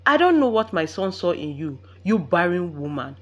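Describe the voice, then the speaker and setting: A woman's voice: fairly low pitch, very animated, normal speed. A woman voicing a scheming, spiteful older mother-in-law who speaks with cold disdain in a storybook reading. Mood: scornful.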